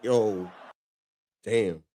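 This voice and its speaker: A man's voice: fairly low pitch, very slow, warm tone, slight background noise. A man from the Dominican Republic hosting a stream, reacting to clips in loose, profane chat full of "bro" and frequent laughter. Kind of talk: casual reaction commentary.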